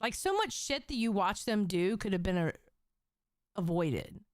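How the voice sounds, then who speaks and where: A woman's voice: mid-range voice, lively intonation, unhurried, dry recording, studio quality. A woman streamer reacting casually, loose and profane, often repeating herself. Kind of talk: casual live-stream commentary.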